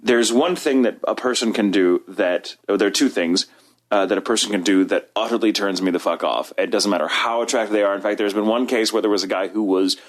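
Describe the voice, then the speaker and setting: Man with a low voice, animated casual chat. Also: a little fast. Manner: animated, swears freely, acts out voices. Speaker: podcast co-host.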